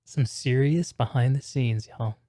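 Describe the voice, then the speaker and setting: A man's voice: medium pitch, measured pace, warm tone, no echo, studio quality. A man hosting a live stream and commentating a competitive video game match, chatty and upbeat, calling the viewers "y'all".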